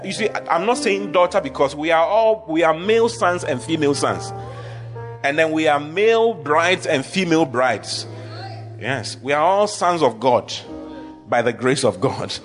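A man preaching a sermon with emphatic, repetitive declarations, leading the congregation in call-and-response. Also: on the high side.

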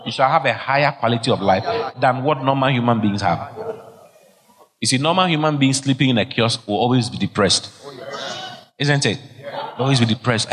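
A man's voice: medium pitch, animated, fast, a crowd in the background. A middle-aged man preaching a sermon, emphatic and exhorting, repeating key phrases. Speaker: pastor. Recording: long hall reverb.

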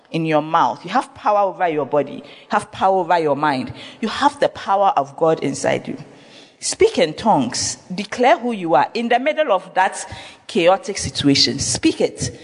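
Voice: medium pitch, very animated, moderate pace. Preacher in an echoing hall. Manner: emphatic, repeats phrases, asks rhetorical questions. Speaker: pastor. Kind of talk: sermon. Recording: long reverb of a large hall.

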